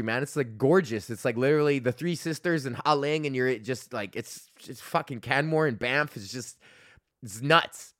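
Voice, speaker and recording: A man's voice: mid-range voice, a little fast, fairly bright tone, no echo, clean studio sound. A young man hosting his own podcast, rambling casually about his week, swearing a lot, laughing often and restarting his sentences. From Alberta, Canada. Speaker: comedian podcast host.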